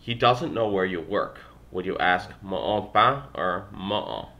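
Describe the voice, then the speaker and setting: A man's voice: deep voice, expressive, takes it slowly, gravelly, pushed and bright. A young man whose native tongue is English, reading textbook exercises aloud and answering them, with wry asides. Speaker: language learner working through a textbook. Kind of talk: self-recorded study session, reading exercises aloud.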